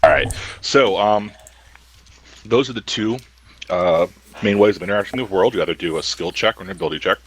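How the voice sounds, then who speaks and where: A man narrating as game master for a tabletop game, relaxed and hesitant with many ums. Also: low-pitched, a little fast, long pauses, poor audio.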